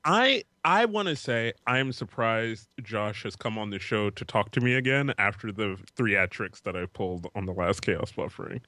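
A man's voice: fairly low pitch, animated, moderate pace, few pauses, bright, forceful tone, no echo. A man hosting a podcast in casual chat, joking and swearing. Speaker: podcast host.

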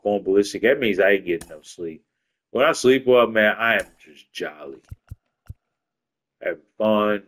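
A tired man doing casual gameplay commentary as a YouTuber, rambling and profane, dropping into sleepy mumbles and then blurting outbursts. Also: lowish voice. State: tired late at night. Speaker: gaming YouTuber.

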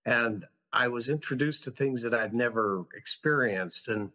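A man's voice: mid-range voice, moderate pace, sharp tone. A man who founded a school, a guest on a podcast, telling his story in an earnest, passionate, reflective way. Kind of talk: conversational storytelling.

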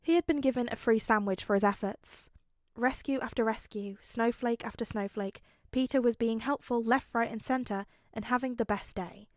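A woman narrates a fan fiction audiobook in a clear, steady storytelling voice. Her pitch sits a little high, and the recording is dry and close. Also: normal speed, no room sound. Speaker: podfic reader.

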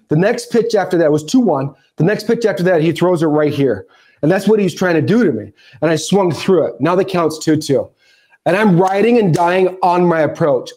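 A man in his forties tells a story on a podcast, his voice sitting high for a man. He's animated, rising and dropping a lot and acting out the shouts and asides he quotes. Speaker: podcast guest, former ballplayer. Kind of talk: storytelling interview.

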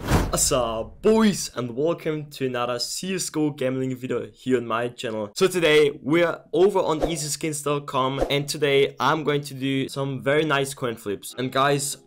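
A young man streaming his gaming, talking casually to his viewers and turning from exasperated to amused and excited. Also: mid-range voice, slight background noise. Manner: excitable, exasperated, laughs a lot, talks to viewers. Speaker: gambling streamer.

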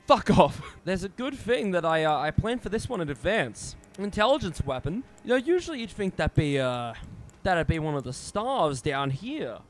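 A man's voice: high-pitched, moderate pace. A man commentating his own gameplay live, swearing and talking back to the game. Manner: profane, excitable, swears at the game. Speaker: streamer.

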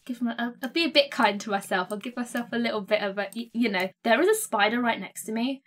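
A young woman gives casual, excitable commentary while playing a life-sim game, gasping and gushing as she goes. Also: on the high side, fast talker. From England. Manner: gushing, excitable, gasps often. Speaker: gaming streamer.

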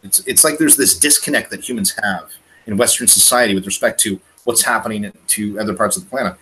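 Animated Canadian man, low voice. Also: fairly quick, low-quality recording. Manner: animated, emphatic, repeats words. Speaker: guest on a prepping livestream. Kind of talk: casual chat.

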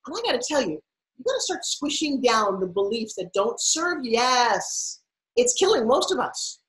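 A woman giving an energetic motivational talk as a podcast guest, emphatic and playful. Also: a little high, normal speed, roomy sound, rough recording. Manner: emphatic, animated, playful asides.

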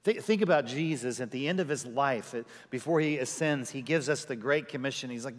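Guy preaching in a church, mid-pitched voice, tells stories and acts out the lines, big echoey sanctuary. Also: brisk, hardly any pauses. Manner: animated storytelling with quoted voices. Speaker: pastor. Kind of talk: sermon. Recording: church hall reverb.

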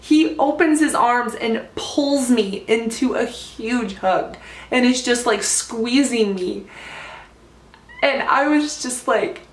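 A woman's voice: a little high, takes it slowly, roomy sound. A woman vlogger telling a personal story to camera in a gushing, casual way, filling her talk with "like". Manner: gushing, heavy use of "like".

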